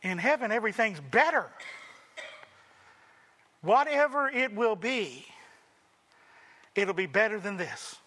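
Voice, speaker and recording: High-pitched male pastor preaching emphatically. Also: bright, forceful tone. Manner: emphatic, preaching with rhetorical questions and lists. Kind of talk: sermon.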